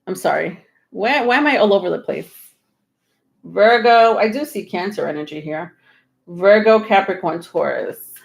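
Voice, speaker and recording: A woman's voice: mid-range voice, expressive, normal speed, creaky. A woman hosting a live tarot stream, talking to viewers in a rambling, reassuring way with many ums. She sounds a little out of breath. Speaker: tarot reader hosting a livestream. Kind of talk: live tarot reading, casual chat to viewers.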